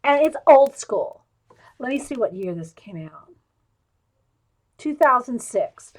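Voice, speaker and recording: A woman hosting a casual show-and-tell live stream from her craft table at home, rambling and chatting straight to her viewers over a webcam. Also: high-pitched. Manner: rambling, wanders off topic.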